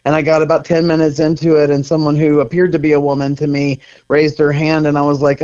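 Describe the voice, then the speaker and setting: A man's voice: on the high side, monotone, fast talker, hardly any pauses, darkish tone. A middle-aged man speaking as an interview guest, earnest and reflective, laughing now and then. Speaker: guest, center co-founder. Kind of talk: conversational interview. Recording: slightly dull lo-fi audio.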